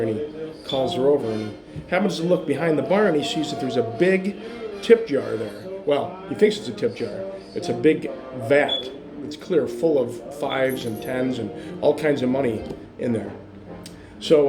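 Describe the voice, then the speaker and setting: A man telling a long bar joke in a rambling, filler-heavy way, getting louder and more animated as he goes. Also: moderate pace, over music. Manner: rambling storytelling with many fillers, growing louder and higher toward the punchline. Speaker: joke teller.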